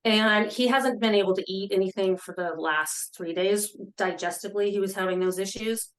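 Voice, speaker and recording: A woman's voice: mid-range voice, fairly even intonation, normal speed, slight background noise, rough recording. A woman guest on a podcast, telling a personal story in an earnest, emotional way, often restarting and repeating words.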